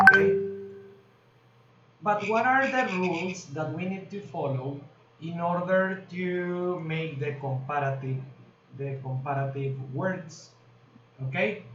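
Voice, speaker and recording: A man teaching an English grammar lesson, explaining slowly and patiently and checking in with "okay?" often. He is a native Spanish speaker. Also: on the high side, fairly bright tone. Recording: distant, roomy, dull lo-fi recording with faint noise.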